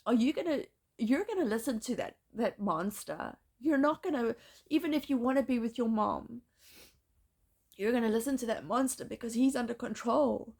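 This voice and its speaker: A woman speaking in a distressed, halting personal monologue, pleading and breaking off mid-sentence. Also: a little high, creaky, a little mellow. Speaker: mother in a custody dispute.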